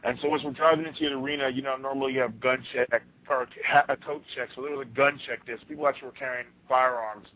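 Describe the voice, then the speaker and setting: A male radio host telling a story on a roundtable and handing the talk to his guests, animated and prone to doubled-up restarts. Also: mid-range voice, fast, hardly any pauses. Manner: animated, repeats words as he restarts. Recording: tinny phone line.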